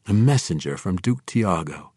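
Cool, superior dark elf envoy, unmoved and cutting, dry close read, a male narrator voicing him. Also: sits low, animated, normal speed, slightly rough, dry recording. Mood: cold. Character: cold, aloof male dark elf messenger.

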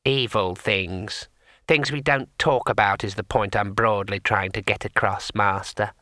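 Cowardly little storybook demon voiced by a man, nervous, evasive, wretched, bright tone, dry close sound. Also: fairly low pitch, steady tone, a little slow, no room sound.

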